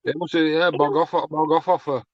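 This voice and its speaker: A man's voice: fairly high pitch, fairly even intonation, brisk, no room sound, lo-fi sound. A man chatting as a guest, blunt and sweary. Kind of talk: casual chat.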